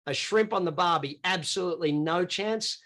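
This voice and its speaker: In a loose, conversational live coaching session online, a middle-aged Australian man fields questions over video call as a business coach. He speaks at normal speed in a high, sharp-toned voice.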